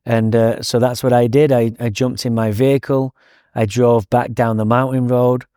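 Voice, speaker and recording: A man's voice: medium pitch, a little mellow, no room sound, clean studio sound. A man with an English accent telling his story as a guest in an interview, blunt and candid, laughing at himself. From England.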